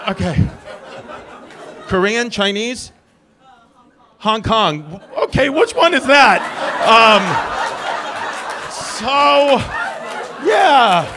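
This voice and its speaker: A comedian doing live crowd work in a high-pitched voice, rambling and teasing. He keeps interrupting himself. Loud crowd noise fills the club around him. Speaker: stand-up comedian.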